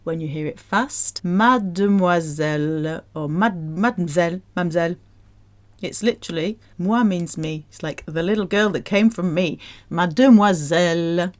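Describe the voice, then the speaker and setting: A woman leads a French pronunciation lesson at an unhurried, drawn-out pace. She repeats each word again and again in an exaggerated sing-song way, keeping things playful. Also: fairly low pitch. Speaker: French language teacher.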